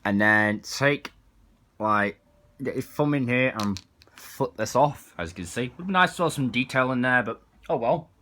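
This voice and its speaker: A man's voice: medium pitch, lively intonation, normal speed, bright, forceful tone, slight background noise. A man casually reviewing an action figure, chatting as he demonstrates its parts. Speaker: toy reviewer.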